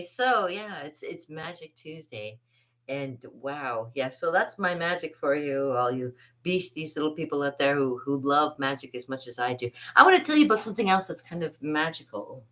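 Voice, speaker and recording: A woman's voice: deep voice, expressive, moderate pace, a bit bright. A woman hosting a casual vlog, telling a rambling story with lots of laughter and restarts. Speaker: vlog host and artist.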